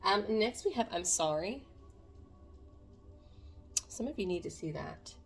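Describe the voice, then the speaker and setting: A woman's voice: medium pitch, lively intonation, unhurried, faint music behind. A woman doing a casual tarot reading to camera, talking to viewers in an earnest, meandering way. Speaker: tarot reader.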